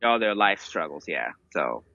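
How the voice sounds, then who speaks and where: A man's voice: sits low, normal speed, gravelly, no echo. A young man from Ghana with a Ghanaian accent, telling his story as an interview guest with lots of fillers. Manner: animated storyteller, many fillers. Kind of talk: casual interview chat. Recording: dull lo-fi dry sound.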